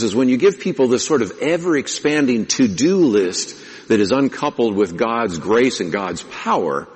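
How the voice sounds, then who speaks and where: Husky-voiced pastor preaching in a reverberant hall. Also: male voice, lowish voice, darkish tone. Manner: conversational teaching with rhetorical questions. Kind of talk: sermon. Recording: long reverb of a large hall.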